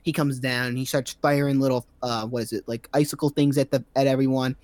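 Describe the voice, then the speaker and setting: A man's voice: mid-range voice, little pitch movement, fast, a little mellow, no echo. A man giving a rambling, sarcastic recap of a movie's plot in a casual comedic style, full of fillers.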